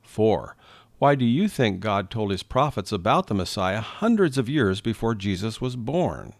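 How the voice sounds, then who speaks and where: A man reading English lesson questions aloud slowly and clearly for learners. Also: lowish voice, animated, no echo, clean studio sound.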